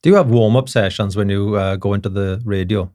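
A man's voice: lowish voice, fairly quick, darkish tone, dry recording, clean studio sound. A Welsh man hosting a podcast, telling stories with passion and self-mocking humor. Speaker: podcast host. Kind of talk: casual chat.

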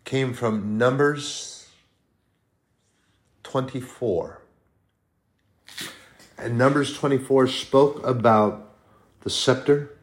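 A middle-aged man preaching a sermon and teaching from the Bible, talking conversationally with fillers and self-corrections, and swinging from soft asides to loud, rising proclamations. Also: mid-range voice.

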